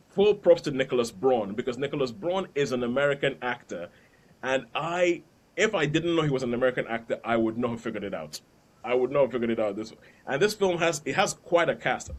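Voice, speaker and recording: A man hosting a podcast, chatting casually about films and laughing between points. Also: medium pitch. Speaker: podcast host. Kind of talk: casual film review chat.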